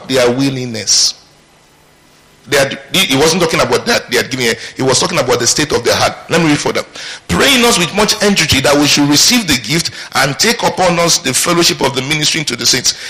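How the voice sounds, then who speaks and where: A man's voice: fairly high pitch, sharp tone, rough recording. A male pastor preaching a sermon, reading scripture aloud and asking his congregation questions as he teaches.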